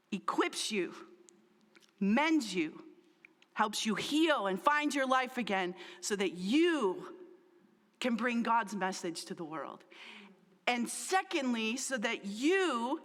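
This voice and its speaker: Slow, deliberate woman preaching in a hall. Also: a little high, animated, a bit bright. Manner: earnest, emphatic, with repeated phrases. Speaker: pastor. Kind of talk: sermon. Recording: long reverb of a large hall.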